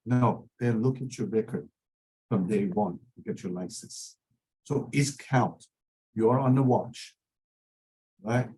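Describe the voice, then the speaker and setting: A man's voice: mid-range voice, expressive, slow, long pauses, darkish tone, slightly rough, poor audio. A middle-aged man who is a lawyer gives an earnest warning talk to teenagers in non-native English phrasing.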